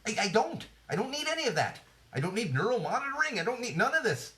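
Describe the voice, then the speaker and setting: Man putting on a shrill, whiny, fed-up guy, mocking. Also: big pitch swings, fast talker, bright, forceful tone, heavily acted. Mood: exasperated.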